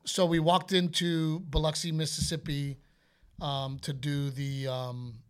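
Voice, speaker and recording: With a slightly high, smooth voice and a level tone, this male podcast co-host talks a little slowly. He tells stories casually and chattily, scattering fillers throughout the loose conversation.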